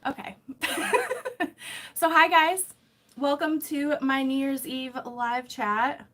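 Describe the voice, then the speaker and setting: A woman's voice: high-pitched, slow pace, fairly bright tone. Chatty woman greeting live-stream viewers. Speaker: YouTuber hosting a live stream. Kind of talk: casual live-stream chat. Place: home room, camera set far away.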